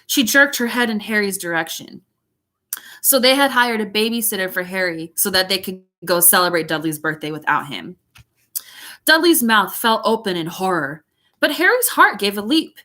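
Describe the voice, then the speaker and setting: A woman's voice: mid-range voice, expressive, normal speed, sharp tone. A woman teacher reading a chapter book aloud, breaking off for chatty, giggly asides.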